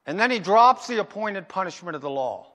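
High-voiced preacher in an echoing hall. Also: male voice, lively intonation, pushed and bright. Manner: asks rhetorical questions and answers them; emphatic, slows down to stress points. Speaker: pastor. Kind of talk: sermon.

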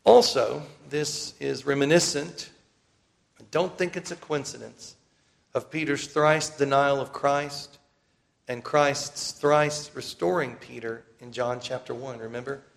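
A man preaching a sermon in an earnest, emphatic way, slowing down to repeat key phrases. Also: mid-range voice, steady tone, vocal fry. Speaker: pastor.

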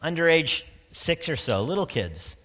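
A man preaching a sermon in a conversational style, with quick asides. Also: fairly high pitch, very animated, fairly bright tone. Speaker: pastor. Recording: long hall reverb.

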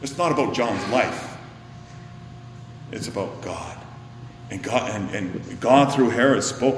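A man preaching a sermon, swinging from loud emphatic bursts to hushed, whispered lines. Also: on the low side, slow, pauses often, a little hiss or hum. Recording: echoey hall, faint ambience.

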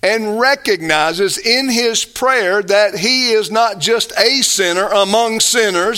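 A man's voice: sits high, takes it slowly, hardly any pauses, pushed and bright. A man preaching a sermon, earnest and emphatic, building to rising bursts. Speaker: pastor.

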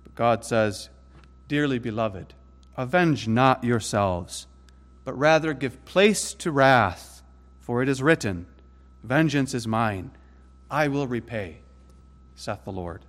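A man preaching a sermon in an earnest way, rising to emphatic peaks and then dropping low and soft. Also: animated, takes it slowly.

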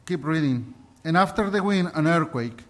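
A man with a somewhat high-pitched voice preaches a heartfelt sermon. He reads scripture aloud and shares his own experience in an earnest, halting way, often stopping to restart a thought. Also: expressive. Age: adult. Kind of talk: sermon mixing Bible reading and personal testimony.

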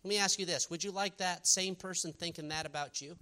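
A man preaching a sermon, animated and emphatic, quoting scripture in old-fashioned wording. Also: high voice, brisk. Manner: animated, rising to emphatic peaks.

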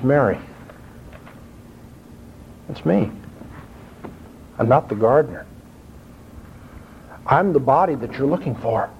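A man preaching a sermon, quoting scripture and climbing in pitch to stress his points. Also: slight background noise. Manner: expressive, rising emphasis when quoting scripture. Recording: dull lo-fi recording.

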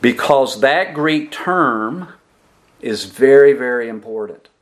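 A man preaching a sermon as a pastor, slow and deliberate, asking the congregation questions and answering them himself, with emphatic pauses on key words. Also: medium pitch, lively intonation. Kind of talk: expository sermon.

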